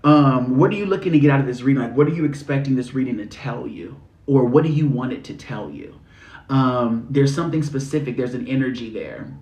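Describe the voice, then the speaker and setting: A man giving spiritual readings on a livestream, talking in a sassy, slangy, animated way. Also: mid-range voice, normal speed, long pauses, lo-fi sound. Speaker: spiritual reader. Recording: echoey room.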